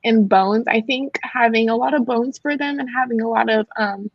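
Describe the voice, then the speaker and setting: A woman with a fairly high voice chatting casually and rambling, full of filler words. The sound is dry and a little dull and lo-fi, with no room echo. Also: normal speed. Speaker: podcast co-host. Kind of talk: casual chat.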